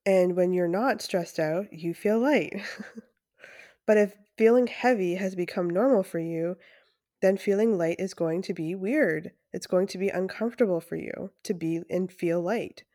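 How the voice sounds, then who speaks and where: Young woman, solo podcast host, lowish voice, eager and rambling, dry close-miked sound. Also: measured pace, mellow, no room sound. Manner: enthusiastic, chatty, frequent fillers and restarts. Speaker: podcast host and breathwork facilitator. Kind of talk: casual solo podcast monologue.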